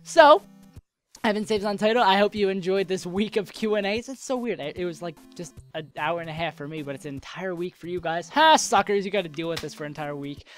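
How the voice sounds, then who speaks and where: A man's voice: sits high, quick pace, soft background music. A young man answering viewer questions in a casual, joking, rambling way while playing a game, coming down with a cold and a sore throat. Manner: rambling, joking, self-interrupting.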